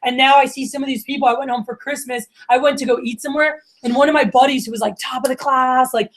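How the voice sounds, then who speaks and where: A woman's voice: high voice, steady tone, fast. A woman, giving a casual motivational talk to her team at a meeting, full of "like" and "you know". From Miami. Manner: casual and chatty, lots of "like" and "you know", acts out quoted friends. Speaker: division leader giving opening remarks.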